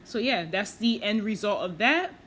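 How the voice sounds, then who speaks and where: This woman, a cooking vlogger, talks through her cooking video in a chatty, self-deprecating way, filling each step's explanation with lots of fillers. Her medium-pitched voice is expressive and a bit bright, at a moderate pace, with a little hiss or hum in the recording.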